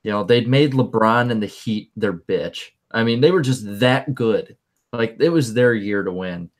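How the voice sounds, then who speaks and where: A young man with a fairly low voice co-hosts a casual podcast. He rambles in bursts, repeating words as he gets worked up, then drops quieter when the story turns glum. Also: expressive, measured pace. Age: young adult. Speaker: podcast co-host. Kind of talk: casual chat.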